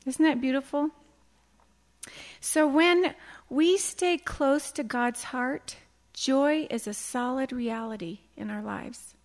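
A middle-aged woman teaching a devotional Bible talk, earnest and animated, telling stories and acting out quotes. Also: high-pitched, slow pace. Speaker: women's Bible study teacher.

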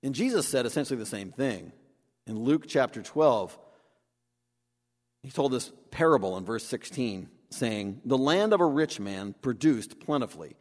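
A man preaching a sermon, animated, acting out the voices he quotes. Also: mid-range voice, normal speed. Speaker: pastor. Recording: long hall reverb.

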